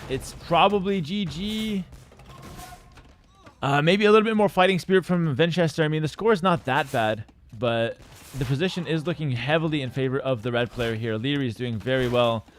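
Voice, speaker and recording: A man casting a strategy game tournament live, casual and opinionated, breaking into excited shouts at big plays. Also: a little high, moderate pace, a little hiss or hum. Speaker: esports caster.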